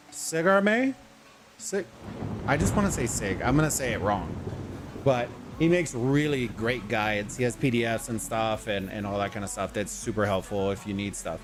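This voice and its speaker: A man hosting a casual gaming livestream, talking loosely, rambling and greeting viewers from chat, with faint music behind him. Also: medium pitch. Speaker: livestream host. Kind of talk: casual gaming stream commentary.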